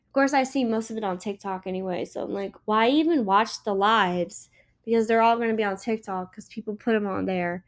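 Rambling through her casual solo podcast with plenty of filler words, a young podcast host and small business owner sounds tired and keeps yawning. Her mid-range, slightly mellow voice moves fast, with hardly any pauses.

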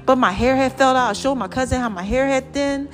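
A woman vlogger giving lively, preachy motivational talk straight to her viewers. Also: high-pitched, fairly quick, soft background music. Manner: lively and preachy, calls viewers "child" and "y'all".

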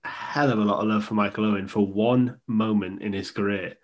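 Male co-host, lower pitch, relaxed and agreeable in casual banter. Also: brisk, highs cut off. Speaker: podcast co-host. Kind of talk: casual football podcast chat.

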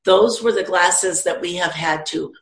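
A woman talking about her work as a medium, with a slightly low voice. She tells stories in a relaxed, chatty way and jumps into quoted voices with lively energy. Her voice carries a noticeable echo from the room. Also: a little slow. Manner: animated, acts out quoted voices. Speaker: psychic medium and teacher. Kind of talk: casual storytelling in a conversation.

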